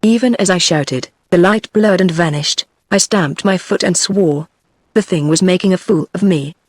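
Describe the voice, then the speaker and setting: A woman's voice: fairly low pitch, moderate pace, a little mellow, dry recording. A synthetic woman's voice with a British English accent reading an audiobook. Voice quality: synthetic, evenly paced machine voice. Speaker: audiobook narrator. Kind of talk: text-to-speech book reading.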